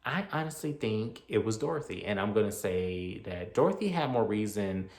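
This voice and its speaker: A man giving a casual movie review, retelling the plot in an animated, opinionated, slangy way. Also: lowish voice, moderate pace. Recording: roomy echo.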